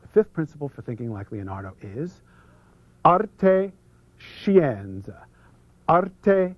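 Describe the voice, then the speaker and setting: A man presenting an instructional seminar, energetically drawing out foreign terms for the audience to repeat and sometimes dropping to a hush. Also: on the high side, no room sound. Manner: drops to a hush for some passages. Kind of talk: instructional seminar talk leading audience repetition. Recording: muffled lo-fi video recording.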